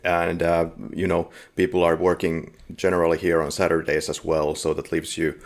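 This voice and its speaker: Very deep-voiced man hosting a film podcast. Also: moderate pace. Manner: relaxed, conversational, explains background at length. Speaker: podcast host. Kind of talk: casual film discussion.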